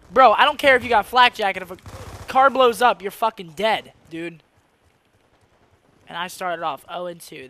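A young man giving casual commentary over his own gameplay, excitable, swearing a lot and laughing between rants. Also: high voice, a little hiss or hum. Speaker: gaming YouTuber.

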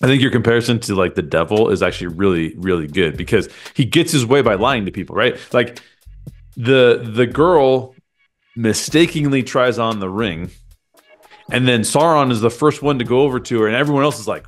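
A man's voice: medium pitch, lively intonation, fairly quick, faint music behind. A man co-hosting a casual chat, talking in a rambling, enthusiastic way with lots of fillers and restarts, into a desk microphone. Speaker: podcast co-host. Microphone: desk microphone after switching from a headset mic.

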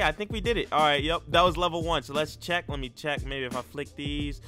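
A man's voice: a little high, a little fast, faint music behind. A man giving casual, slangy let's-play commentary as a YouTuber, talking with energy and hype while he plays. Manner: energetic, slangy, hyped-up chatter. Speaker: YouTuber gamer.

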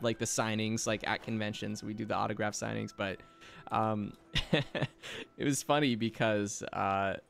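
A man hosting a casual game stream, chatting and telling stories in an animated, laughing way. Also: fairly low pitch, gravelly. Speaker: streamer and voice actor.

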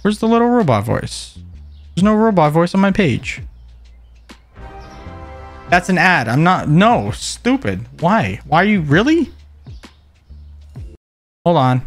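A man streaming a video game, chatting in a playful, joking way and jumping into excited exclamations. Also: takes it slowly, pauses often, faint music behind. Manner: playful, jokey, bursts into excited high exclamations. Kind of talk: casual gameplay commentary.

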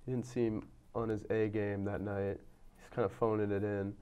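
A male stand-up comedian with a fairly low voice, chatting as a guest on a talk show. He jokes around and laughs often. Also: level tone, moderate pace, dark tone, smooth. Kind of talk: casual talk show chat.

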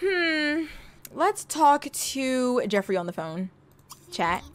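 A young woman giving casual, slangy gameplay commentary, talking straight to her game character and breaking into excited exclamations. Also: high-pitched, slow pace. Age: young adult. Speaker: gaming video host.

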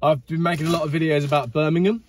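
A talkative middle-aged man hosting a relaxed chat, enthusiastic and quick to laugh. His voice sits a little high. A faint hiss of noise runs under it. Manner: chatty, enthusiastic, laughs easily. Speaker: host. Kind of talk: casual chat.

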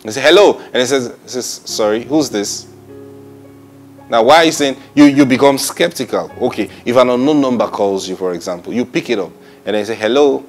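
A man delivers Bible teaching in an animated sermon style. He repeats phrases and drops in short praises between points, with faint music playing quietly underneath. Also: medium pitch, quick pace. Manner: animated and repetitive, often saying "praise God" with short laughs.

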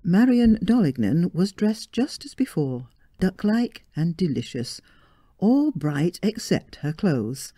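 A woman reading a romantic story aloud in a slow, expressive manner. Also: on the low side, no echo, studio quality. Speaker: story reader.

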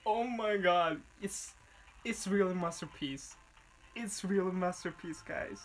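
A reaction video host with an Arabic accent and Arabic as a native language, gushing about a song in halting English full of fillers. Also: mid-range voice, a little hiss or hum, poor audio. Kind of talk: excited music reaction vlog.

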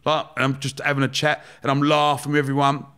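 A man, a podcast guest telling his story in a lively, slangy, chatty way. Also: medium pitch, quick pace, clean tone. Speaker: guest, entrepreneur. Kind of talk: casual storytelling.

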